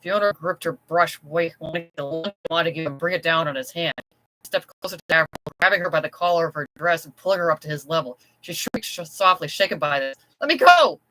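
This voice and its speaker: An author reading their own novella aloud in steady, scripted storytelling. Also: mid-range voice, fast, poor audio. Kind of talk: scripted audiobook narration.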